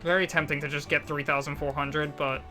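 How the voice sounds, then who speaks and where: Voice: mid-range voice, flat delivery, a little fast, pushed and bright, soft background music. A streamer chatting casually and rambling while playing a game, self-deprecating and often restarting sentences. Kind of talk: casual live-stream chat while gaming.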